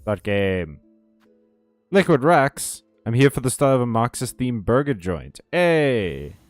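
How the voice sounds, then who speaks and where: A man's voice: mid-range voice, big pitch swings, slow, no room sound, faint music behind. A man chatting casually on a game stream, rambling and ranting, often laughing between thoughts, talking close to a desk mic.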